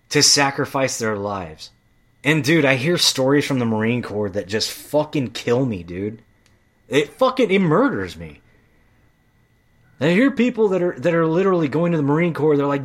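A man's voice: fairly high pitch, animated, normal speed. A man telling stories in a casual, heated monologue, swearing often and getting worked up. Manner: profane, heated storytelling.

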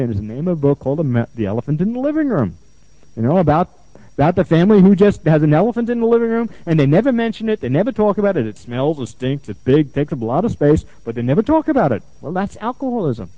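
Animated male therapist telling stories. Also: on the high side, no room sound. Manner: animated storytelling, repeats phrases for emphasis. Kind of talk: lecture with anecdotes. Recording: dull, muffled lo-fi sound.

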